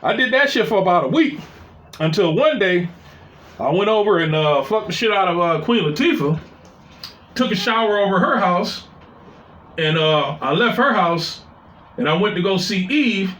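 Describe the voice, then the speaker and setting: Male storyteller, 40s; profane and rambling, animated delivery, roomy echo. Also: high voice, moderate pace, pauses often. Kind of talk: casual personal storytelling. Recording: echoey room.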